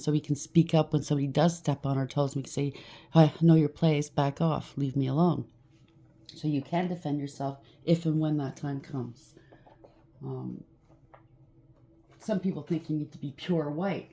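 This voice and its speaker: Woman, tarot reader, low voice, mellow tone, rambling, preachy, chatty asides. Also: steady tone, moderate pace. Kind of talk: collective tarot reading.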